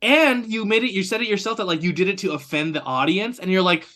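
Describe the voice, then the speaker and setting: A young adult man from the United States, a guest talking animatedly in a casual chat, with lots of fillers. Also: high voice. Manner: animated, quick and chatty, many fillers.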